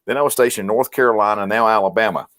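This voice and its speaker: A middle-aged man from South Mississippi talks with a broad Southern drawl in a low voice. He tells stories in a folksy, animated way on a podcast. The sound is close and dry. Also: rapid-fire, no echo. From South Mississippi, USA. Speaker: podcast guest, medical instructor. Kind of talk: casual podcast chat.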